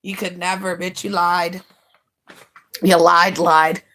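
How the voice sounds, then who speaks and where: A woman streamer in a brash, profane rant, mocking rivals and swinging between loud jabs and low mutters. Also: flat delivery, slow, slight background noise. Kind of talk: ranting livestream monologue.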